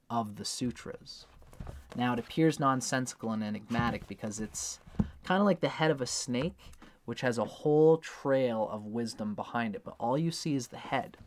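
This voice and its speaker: Conversational man explaining astrology. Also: mid-range voice. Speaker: astrology teacher. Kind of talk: casual spoken book review.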